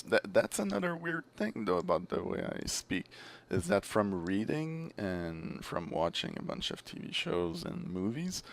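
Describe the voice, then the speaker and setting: A young man with a Canadian French accent, a French speaker, chatting as a guest on a podcast and telling stories in an animated way. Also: low voice, vocal fry. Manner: animated storyteller, laughs easily. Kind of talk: casual chat.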